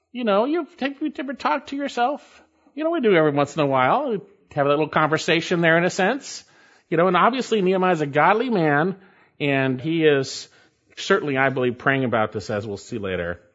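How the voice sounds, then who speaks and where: A man's voice: mid-range voice, a bit bright. A man preaching an expository Bible sermon in an emphatic way, repeating his key points for stress. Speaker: pastor. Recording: dull lo-fi recording.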